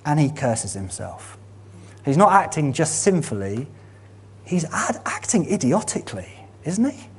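A man preaching a sermon, earnest and emphatic, building to animated exhortation. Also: on the high side, unhurried, husky.

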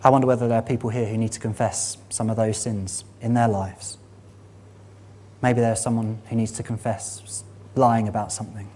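A man preaching a sermon, earnest and emphatic, building to animated exhortation. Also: on the low side, moderate pace, slight background noise.

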